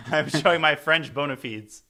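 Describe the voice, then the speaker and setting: A man's voice: fairly high pitch, sharp tone. A man commentating on chess in casual live talk, playful and rambling, telling jokes and stories.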